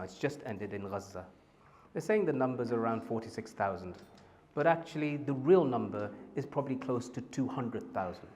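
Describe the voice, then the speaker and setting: Earnest British man addressing a live audience, deliberate pace, reverberant hall. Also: medium pitch, a little mellow. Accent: British English. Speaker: panel guest. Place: community centre hall. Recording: roomy hall.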